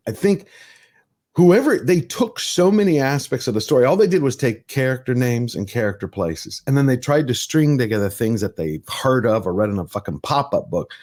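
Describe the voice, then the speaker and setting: A man as a podcast guest in casual chat, animated and laughing as he acts out scenes. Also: mid-range voice.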